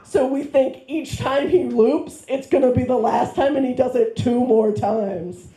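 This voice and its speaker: A woman's voice: high voice, measured pace, dark tone. A woman performing a stand-up set, rambling with fillers and self-deprecating jokes, on a handheld mic in a comedy club. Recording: roomy club sound.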